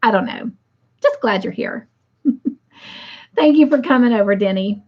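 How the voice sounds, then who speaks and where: A fairly high-voiced woman, chatting casually on a livestream as host. She rambles with lots of fillers and greets each viewer as she reads their comments aloud. The sound is muffled and lo-fi. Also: animated, a little slow, husky.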